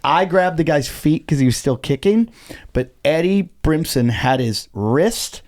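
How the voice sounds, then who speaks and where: A man who is a comedian, telling a story on a podcast in an animated way and swearing freely. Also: fairly high pitch, unhurried, dry recording, studio quality. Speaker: comedian guest. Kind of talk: casual podcast chat.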